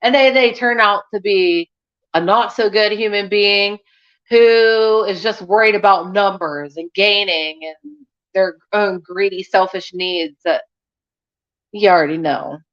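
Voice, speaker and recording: A woman's voice: medium pitch, measured pace. A young woman hosting a casual live chat with her viewers, talking frankly and scatteredly and laughing often. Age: young adult. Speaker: YouTube channel host. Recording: dull lo-fi sound.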